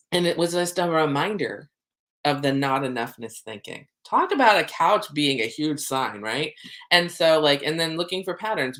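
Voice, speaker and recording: Animated woman coaching, lower voice. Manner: animated, acts out her own inner thoughts. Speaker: soul coach. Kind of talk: casual coaching talk to camera.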